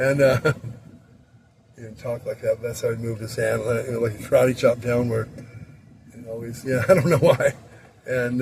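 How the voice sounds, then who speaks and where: Older man in his sixties, casual rambling anecdote, chuckling, fillers, outdoors near a road, clear traffic noise. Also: medium pitch, a little mellow, rough recording. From Southern California. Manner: rambling and loose, chuckling often, many fillers. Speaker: storyteller recalling his school days.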